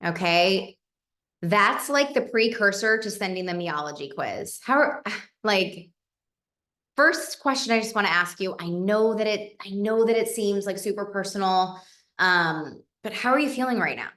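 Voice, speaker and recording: A woman's voice: medium pitch, lively intonation, a little slow, sharp tone, echoey room. A woman leading a casual team training, chatty and coaching, acting out example messages.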